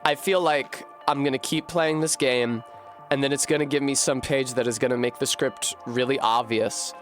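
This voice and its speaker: A man streaming a game, thinking out loud in a rambling way, swearing freely and running himself down. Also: mid-range voice, steady tone, moderate pace, soft background music. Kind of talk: casual live-stream commentary.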